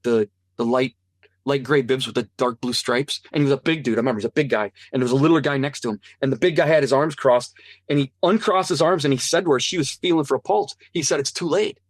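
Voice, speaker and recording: Animated man with a higher voice. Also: no echo, clean studio sound. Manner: earnest, animated, acts out quoted voices. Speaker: interview guest. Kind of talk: personal testimony storytelling.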